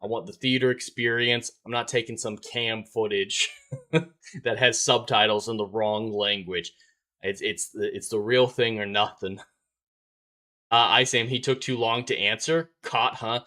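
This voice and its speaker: Bright-voiced, chatty male streamer. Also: on the low side, steady tone, measured pace. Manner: rambling, chatty, reads out viewer comments, laughs often. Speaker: live stream host. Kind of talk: casual live-stream chat.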